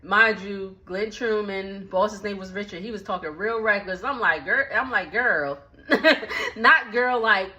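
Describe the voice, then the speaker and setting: A woman recapping a movie in a casual, slangy, animated way, with lots of asides. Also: medium pitch, a little slow, dull audio.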